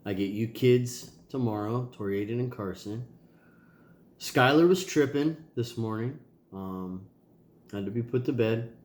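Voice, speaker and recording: A man's voice: medium pitch, unhurried, darkish tone, roomy sound. A man with a nasal voice, a tired and sore father talking casually to his kids in a rambling video diary. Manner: rambling, loose, with many ums and sighs.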